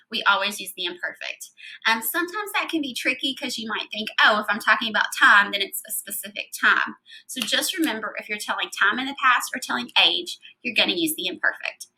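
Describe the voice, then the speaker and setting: A woman's voice: a little high, pushed and bright, low-quality recording. A woman teaching a Spanish grammar lesson, explaining patiently step by step and reading out verb endings one at a time.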